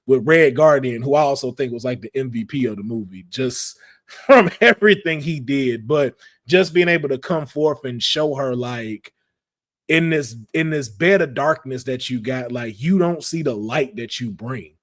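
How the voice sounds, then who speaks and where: Male podcast host, mid-pitched, slangy and lively, acts out quotes as he talks. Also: moderate pace. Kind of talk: casual podcast chat.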